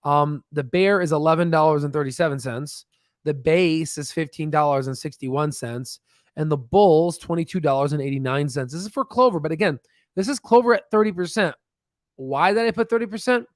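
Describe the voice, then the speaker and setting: Guy rambling at his desk, lotsa ums, voice a bit high, dry close sound. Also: fairly quick, no echo. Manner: rambling, many fillers and restarts, laughs at himself. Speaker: stock channel host. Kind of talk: casual livestream chat. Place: home desk with screen share.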